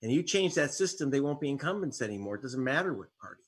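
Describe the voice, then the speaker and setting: A man who is an investigative reporter and author is interviewed as a guest. His mid-range voice is sing-song and breathy, he talks fast, and he tells stories wryly with sarcastic jabs.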